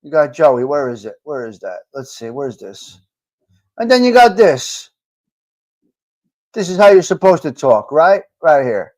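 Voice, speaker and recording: A man's voice: fairly high pitch, very animated, unhurried, pauses often, a little mellow. A man with a New York accent hosting a live talk show, rambling and repeating himself with some swearing. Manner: rambling and repetitive, profane. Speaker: host.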